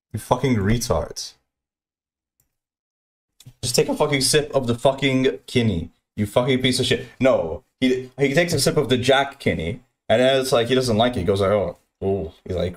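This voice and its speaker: A young man telling a profane, aggrieved story in a rambling rant, full of repeats and quoted lines. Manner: aggrieved, profane, repetitive, fast-swinging pitch. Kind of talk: ranting anecdote.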